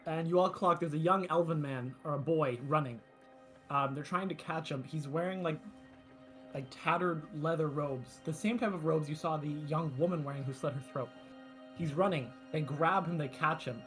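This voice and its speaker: Man, game master, dramatic tabletop narration, loud bursts, fairly high voice, faint music. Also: fairly quick, slightly rough.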